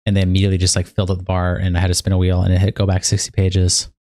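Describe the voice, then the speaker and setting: Tired young man streaming, low mellow voice. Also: monotone, very fast, no room sound, clean studio sound. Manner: profane, tired, hype bursts. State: sleepy, yawning. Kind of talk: casual livestream reading aloud.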